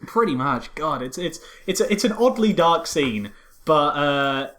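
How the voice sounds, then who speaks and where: A man's voice: a little high, big pitch swings, a little slow, a bit bright. A man co-hosts a casual film review podcast. His delivery is dry as he recaps the plot and throws in trivia. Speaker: podcast co-host.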